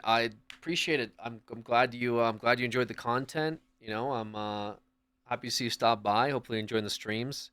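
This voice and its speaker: A man's voice: mid-range voice, fairly bright tone, smooth, no echo. A man streaming and chatting casually, rambling with hesitant restarts as he thanks a viewer. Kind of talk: casual chat, thanking a donor.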